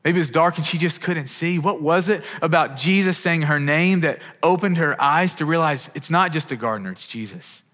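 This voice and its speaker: A man in his thirties preaches to his congregation in an earnest, conversational way, stumbling over and restarting his phrases. His voice sits a little high for a man. The sound carries a long reverb from a large church hall. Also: normal speed, few pauses, fairly bright tone. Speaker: pastor. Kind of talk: sermon. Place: church auditorium.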